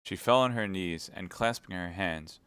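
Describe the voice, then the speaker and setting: A man reading a classic novel aloud on a live stream, steady narration with chatty asides to viewers. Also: low voice, normal speed, clean tone, no room sound.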